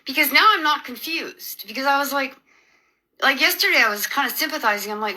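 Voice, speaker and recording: A woman's voice: high voice, lively intonation, fairly quick, pushed and bright, rough recording. A woman delivering an emotional, rambling personal rant to camera. She is agitated and sarcastic, breaking off and restarting her sentences. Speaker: video creator.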